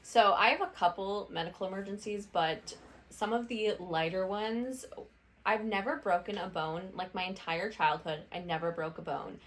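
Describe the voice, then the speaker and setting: A woman's voice: medium pitch, moderate pace, a bit bright. A woman in her late twenties, co-hosting a podcast and telling stories in a chatty, friendly way. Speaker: podcast co-host. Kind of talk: casual chat.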